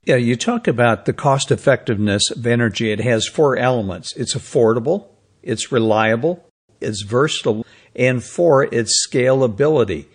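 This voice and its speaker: A man interviewing a guest and summarizing the guest's points in a measured way. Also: medium pitch, breathy edge. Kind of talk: interview question.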